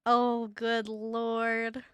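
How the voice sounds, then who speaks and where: A woman's voice: on the high side, monotone, drawn-out words, a bit bright, clean tone, no room sound. A woman chatting on a podcast, chiming in with short remarks and laughs. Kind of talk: casual chat.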